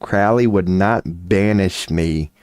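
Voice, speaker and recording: A man's voice: sits low, takes it slowly, darkish tone, no echo, studio quality. A man riffing casually and profanely on a home webcam stream, joking loosely and slipping into silly voices. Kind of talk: rambling casual stream talk. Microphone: webcam mic.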